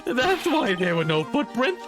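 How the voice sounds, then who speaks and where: A man's voice: very high voice, sing-song, a little slow, music in the background, voice pushed up, full character voice. A man voicing a glum male circus clown in a video game, telling his story with overly earnest drama. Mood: dramatic.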